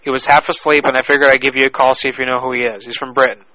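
A man hosting a prank call show, rattling along fast in a bright, high-ish voice, crude and profane. His sound is a little dull and lo-fi, like radio audio. He jokes and swears throughout. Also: little pitch movement, dry recording. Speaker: host taking calls.

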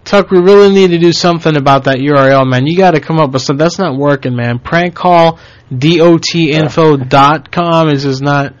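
A man's voice: a little high, a little fast. A man co-hosting a comedy radio show, teasing and stumbling over his words in casual banter. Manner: teasing, stammering. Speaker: radio co-host. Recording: dull lo-fi internet radio.

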